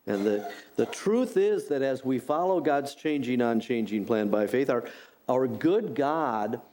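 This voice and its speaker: A middle-aged man delivering a sermon at an unhurried, measured pace. His voice is warm and mellow, and he leans on repeated phrases to drive each point home. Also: mid-range voice, animated. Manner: deliberate, repeats key phrases for emphasis. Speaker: pastor.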